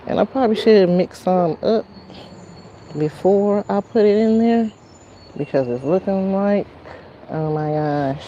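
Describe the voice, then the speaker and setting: Woman chatting to her stream viewers while potting plants outside, easygoing, says y'all a lot, kinda mellow and slow. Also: medium pitch, dull audio, slight background noise. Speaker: gardening livestream host. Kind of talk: casual live-stream chat while potting. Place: outdoor garden near a road.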